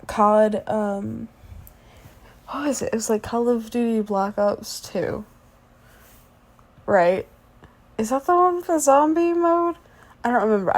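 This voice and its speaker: A woman's voice: mid-range voice, a little mellow. A woman in her twenties doing a whispered role-play as the listener's sleepy, chatty fiancée, rambling between yawns.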